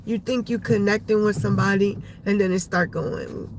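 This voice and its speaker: A woman's voice: medium pitch, fairly even intonation, moderate pace, a little mellow, slight background noise, rough recording. A woman hosting a live stream, talking to viewers about faith in an emphatic, repetitive, preachy way. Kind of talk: casual faith talk to viewers.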